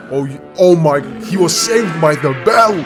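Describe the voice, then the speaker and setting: Excitable man reacting to clips, lively up-and-down voice, unhurried delivery, music underneath. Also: on the high side. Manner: excitable, frequent laughter and exclamations. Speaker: reaction video host. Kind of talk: casual reaction commentary. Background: cartoon clip audio and music.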